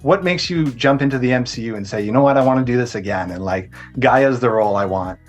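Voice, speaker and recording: Husky-voiced male interviewer. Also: mid-range voice, fast, lo-fi sound, soft background music. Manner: chatty, long setups with fillers. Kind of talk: press junket interview.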